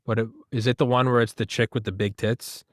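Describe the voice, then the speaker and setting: A young man in casual comedic chat, rambling through jokes and bursting into loud shouted impressions. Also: mid-range voice, flat delivery, fairly quick, no room sound, studio quality.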